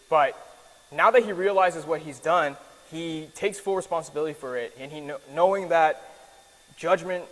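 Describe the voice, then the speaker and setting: A man with a fairly high voice gives a conversational sermon from slides, earnest and casual, dotted with fillers and restarts. His voice rings out with a long reverb, as if spoken in a large hall. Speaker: preacher teaching a Bible lesson.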